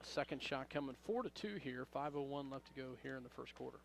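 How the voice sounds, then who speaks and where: A man calls a local high school basketball game, tracking each pass and shot in a steady mid-range voice. He lifts his energy on big plays and corrects himself on the fly. Faint background noise runs under the call. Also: fast, creaky. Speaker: play-by-play announcer. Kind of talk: local radio basketball commentary.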